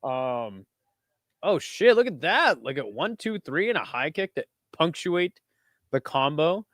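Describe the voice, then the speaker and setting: A man hosting a live watch-along of a kickboxing event. He talks casually and swears a lot, breaking into excited shouts at big moments. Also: on the high side, measured pace, no echo, studio quality. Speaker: host.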